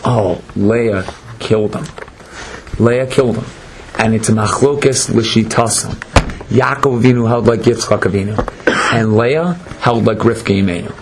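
In a noisy lecture recording, a man delivers an animated Torah lesson, emphatic and dramatic, often acting out the quoted people in the story. His voice sits on the low side, with a steady tone and a moderate pace.

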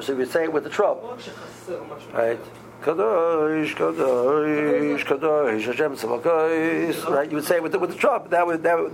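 Gravelly, slightly high-voiced man, teaching law haltingly over a murmuring crowd. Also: low-quality recording. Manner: halting, many ums and restarts, mixes Hebrew and Aramaic terms. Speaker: Torah teacher. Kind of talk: halacha class explaining Jewish law.

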